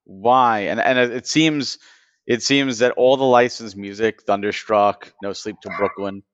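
Male podcast co-host, emotional and chatty; smooth tone, dry, slightly dull recording. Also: fairly low pitch, unhurried, no room sound. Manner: enthusiastic, emotional, repeats words. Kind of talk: casual podcast chat.

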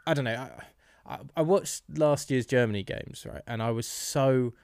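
A man's voice: mid-range voice, moderate pace, darkish tone, no echo, clean studio sound. A man hosting a podcast, talkative and joking, teasing his guest in casual chat. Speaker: podcast host.

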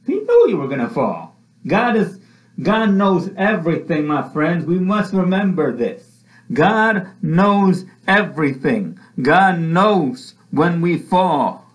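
A man preaching a sermon with passion, repeating his phrases as his voice rises and falls. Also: sits high. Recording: echoey room, dull lo-fi sound.

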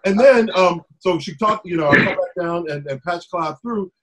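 High-voiced man telling animated stories. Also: normal speed. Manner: animated storyteller acting out quotes. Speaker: former music TV staffer telling stories. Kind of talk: casual storytelling chat.

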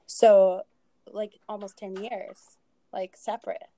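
A woman in her thirties shares her personal story as a podcast guest. She speaks in a mellow, warm tone and keeps it conversational with asides and light laughter. The recording is close and dry, with no room sound. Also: medium pitch, level tone, slow, dry recording.

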